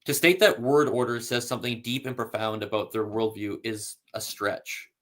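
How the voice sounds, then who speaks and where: A man's voice: fairly low pitch, steady tone, normal speed, a bit bright. A man hosting a casual scholarly discussion, explaining patiently and reading citations aloud with frequent fillers. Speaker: host.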